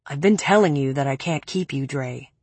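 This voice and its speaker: A woman voicing a cold, cruel young man who speaks calmly and cuttingly in a low, flat tone. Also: normal speed, breathy edge, no room sound. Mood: cold, menacing.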